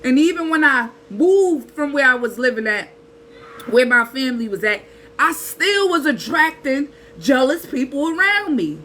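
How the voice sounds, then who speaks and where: A woman, giving a casual spiritual talk in an animated, preachy way with slang and rhetorical asides. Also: high voice, moderate pace, slight background noise, low-quality recording. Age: 30s. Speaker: spiritual channel host.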